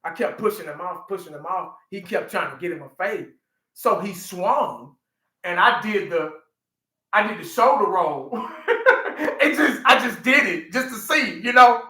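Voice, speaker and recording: Man in his 40s, fan-show host, high bright voice, animated storytelling, roomy echo. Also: a little slow. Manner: animated storyteller, laughs often, talks to chat by name. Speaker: livestream host. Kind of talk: casual livestream chat.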